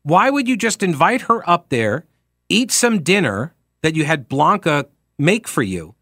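A man with a slightly high voice gives animated commentary on a trial. He acts out what people said and fires off rhetorical questions. The recording is dry and close, with no room sound. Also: unhurried, no echo. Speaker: talk show host.

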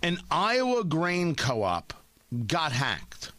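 A man's voice: fairly high pitch, huge pitch swings, drawn-out words, bright, forceful tone, dry recording. A man hosting a talk radio show, delivering a sarcastic, mocking monologue into a studio mic.

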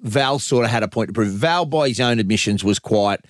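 A man with a Queensland accent filling in as host on a casual sports podcast, dry and quick with retorts. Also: mid-range voice, lively intonation, no echo. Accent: Australian, Queensland. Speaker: fill-in host.

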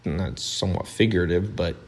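A man hosting a podcast, talking bluntly and animatedly in a casual monologue, his voice swinging between loud and low. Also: fast talker. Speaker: podcast host.

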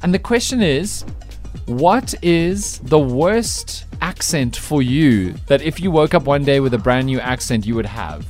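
A man hosting a breakfast radio show, teasing his co-hosts in lively banter. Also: medium pitch, measured pace, faint music behind. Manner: teasing, animated, laughs often.

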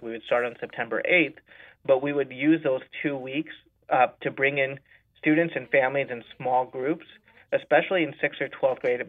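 A man, a school superintendent, giving a radio interview by phone and methodically laying out his reasons point by point. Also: medium pitch. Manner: methodical, lays out numbered reasons. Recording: tinny phone line.

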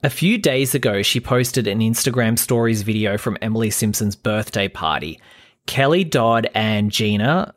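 A man's voice: lowish voice, dry recording, studio quality. A young Australian man hosting a gossip commentary vlog, sarcastic and throwing shade. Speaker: host.

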